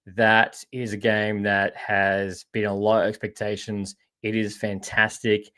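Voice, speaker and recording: A man's voice: on the low side, level tone, unhurried, pushed and bright. Chatty Australian man hosting a podcast. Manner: rambling, chatty, says "mate" a lot. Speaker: podcast host. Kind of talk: casual live-stream chat reading viewer comments.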